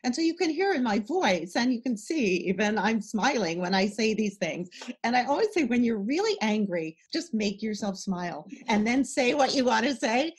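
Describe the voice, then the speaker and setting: A woman's voice: a little high, normal speed, slightly rough. A middle-aged woman, a parenting educator, talking in a casual podcast interview and acting out little conversations with her kids as examples. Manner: animated, talks through examples with acted-out dialogue.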